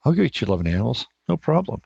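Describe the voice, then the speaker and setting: A man's voice: medium pitch, very animated, racing, creaky, mellow, husky, dry recording, exaggerated voice. A man voicing a sly, scheming little male rat who mutters plans to himself, on a dull, dry recording.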